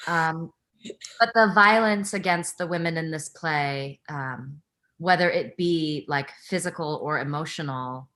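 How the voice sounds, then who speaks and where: A woman's voice: low voice, unhurried, a bit bright. A woman in a seminar discussion over a video call, talking frankly and earnestly with lots of casual fillers. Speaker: actor in a play-reading seminar.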